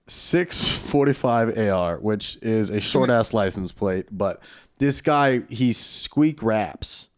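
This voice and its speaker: A man's voice: lowish voice, animated, takes it slowly. A young man co-hosting a podcast, joking loosely and swearing in casual chat. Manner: loose, joking, swears a lot, slips into goofy voices. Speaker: podcast co-host.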